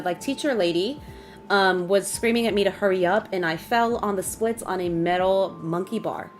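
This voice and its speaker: A young adult woman streamer chatting casually with her viewers, emotional and quick to laugh. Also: mid-range voice, a little hiss or hum. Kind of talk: casual live-stream chat. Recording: faint music behind.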